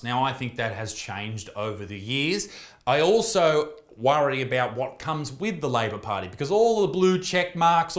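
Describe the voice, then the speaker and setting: A man's voice: on the high side, a bit bright, reverberant. A young Australian man, a comedian, delivering a crude, sarcastic political rant full of swearing.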